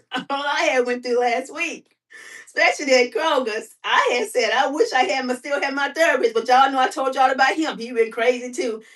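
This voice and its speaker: A woman hosting a casual livestream, talking to her chat in an animated, talkative way, laughing often and firing off rhetorical questions. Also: high-pitched, moderate pace. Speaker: livestream host. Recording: voice somewhat far from the mic.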